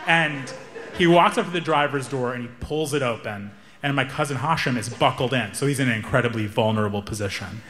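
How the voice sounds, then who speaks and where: A young man doing stand-up, telling a story in an animated, wry, self-amused way. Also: mid-range voice, fairly quick. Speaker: stand-up comedian.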